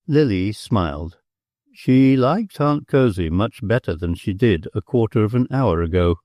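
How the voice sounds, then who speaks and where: A man narrating an audiobook in a measured, expressive storytelling manner on a close mic. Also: fairly low pitch, no echo. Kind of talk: scripted narration.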